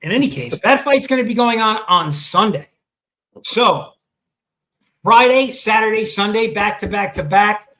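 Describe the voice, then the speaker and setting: A man's voice: high-pitched, expressive, a little slow, bright, forceful tone, rough recording. A man hosting a casual sports talk show, chatty and full of ums and restarts, with the hiccups. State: has the hiccups.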